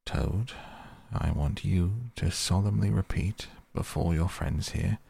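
Man reading as a stern old badger, slow, deep, dead serious. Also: vocal fry, warm tone, husky, full character voice. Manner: grave, firm, measured. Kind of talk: storybook reading.

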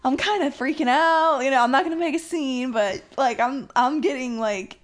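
A woman telling a story in a casual chat, excitable, laughing and acting out what people said. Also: high-pitched, normal speed. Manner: excitable, laughing, acts out quotes.

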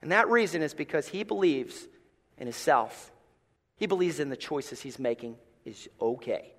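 A middle-aged man, a pastor, preaching a sermon with animated storytelling and playful asides. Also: on the high side, normal speed, in a large hall.

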